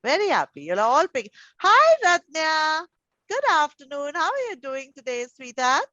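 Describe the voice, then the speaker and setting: A woman teaching young children over a video call, gentle and encouraging, full of endearments. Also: high-pitched, very animated, normal speed, no room sound. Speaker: preschool teacher. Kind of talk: online class with young children. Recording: dull, dry video call audio.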